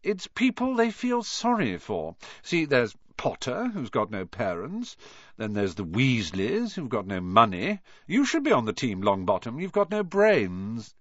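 A man's voice: medium pitch, huge pitch swings, a little slow, no room sound, highs cut off. A man reading an audiobook voices a spiteful, sneering rich schoolboy who taunts others. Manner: taunting, mocking.

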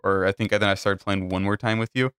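A man's voice: fairly low pitch, fairly even intonation, fast talker, fairly bright tone, clean tone, no echo, clean studio sound. A man hosting a casual podcast chat with friends, rambling and swearing freely. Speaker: podcast host.

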